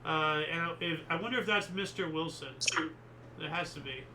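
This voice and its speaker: A man's voice: fairly high pitch, moderate pace, bright, forceful tone, slight background noise, poor audio. A man hosting a casual history chat show, reading out dates and chatting about them in a rambling, opinionated way with many fillers. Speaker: host.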